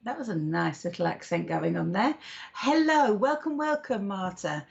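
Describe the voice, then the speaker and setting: A British woman chats bubbly and affectionate on a live psychic stream, greeting viewers warmly by name and calling them darling. Her voice sits in a middle pitch. The stream audio is dull and lo-fi. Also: lively intonation, normal speed, gravelly. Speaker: psychic co-host.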